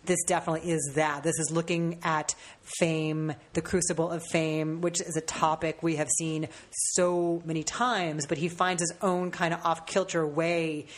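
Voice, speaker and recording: A woman co-hosting a film review podcast, calmly and articulately defending her view of a movie. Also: low voice, normal speed, few pauses. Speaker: film critic co-host. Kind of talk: casual film review chat.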